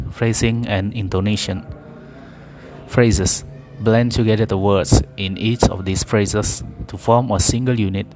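Slow, careful man reading drill words. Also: on the low side, a little mellow. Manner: careful, deliberate word-by-word reading. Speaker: pronunciation practice reader. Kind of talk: slow read-aloud pronunciation drill.

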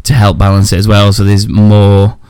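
A man's voice: fairly low pitch, completely flat delivery, normal speed, darkish tone, clear, resonant tone. A man hosting a casual podcast, reading out gaming news in a loose, chatty way with fillers. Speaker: podcast host.

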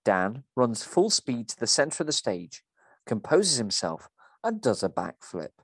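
A man's voice: medium pitch, sing-song, measured pace, slightly rough, no room sound. A man co-hosting a podcast, reading a script aloud and discussing it with a theatrical delivery.

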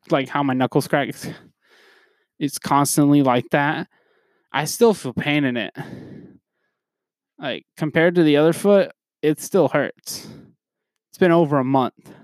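A man's voice: on the high side, dry recording, clean studio sound. Profane young man ranting. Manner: profane, animated, rambling. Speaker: podcast host. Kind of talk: casual ranting monologue.

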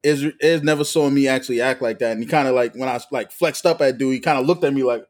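A man on a casual podcast who jumps in quickly and steers the talk back to the topic. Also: mid-range voice, darkish tone. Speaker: podcast co-host. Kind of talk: casual banter.

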